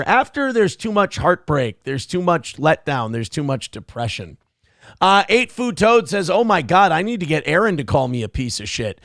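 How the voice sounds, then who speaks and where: Profane gravelly man hosting a live show. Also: sits high, fairly bright tone, no echo, studio quality. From Minnesota. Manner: profane, ranting. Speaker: show host. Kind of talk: casual live-stream commentary.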